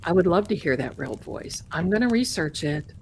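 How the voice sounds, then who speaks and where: A woman's voice: fairly low pitch, lively intonation, normal speed, slight background noise. A woman hosting a tarot live stream in casual chat, rambling and greeting viewers as "my darling.".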